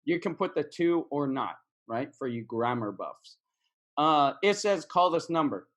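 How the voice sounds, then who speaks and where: A man's voice: a little high, lively intonation, measured pace, a bit bright. A man teaching English in a casual video lesson, repeating words and phrases for practice.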